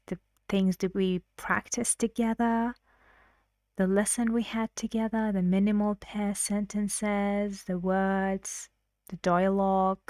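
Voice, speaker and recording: Woman pronunciation teacher: unhurried, encouraging, repeats words to model intonation; dry, close recording. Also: mid-range voice, darkish tone, clean tone, no echo. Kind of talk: online pronunciation lesson.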